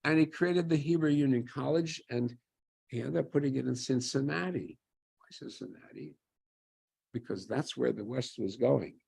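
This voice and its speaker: Man with a gravelly, husky voice. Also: medium pitch, moderate pace, a little mellow. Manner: conversational, asks rhetorical questions and answers them himself. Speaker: lecturer on Jewish history. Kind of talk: informal history lecture.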